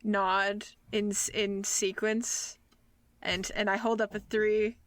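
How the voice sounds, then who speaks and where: A woman's voice: mid-range voice, level tone, slow pace. A woman playing a tabletop game, making brief, playful remarks in casual chat. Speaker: player.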